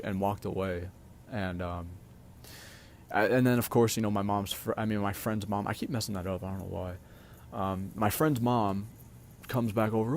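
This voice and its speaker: A man with a lowish voice tells stories from his own life in a loose, casual vlog. He hesitates often, filling gaps with little fillers and restarting his sentences. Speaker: storyteller.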